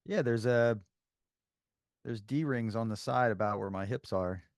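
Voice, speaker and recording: A man co-hosting a podcast, speaking calmly with dry humor in a casual chat. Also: medium pitch, measured pace, no echo. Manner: calm, dry-humored, brief replies. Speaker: podcast co-host.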